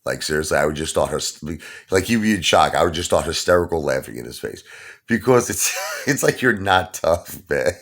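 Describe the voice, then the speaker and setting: A man's voice: extremely low pitch, animated, a little fast, gravelly, fairly bright tone. A man with a Brooklyn accent telling a street story in a casual monologue, talking tough and asking "okay?" and "you understand?" again and again. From Brooklyn, New York. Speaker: channel host.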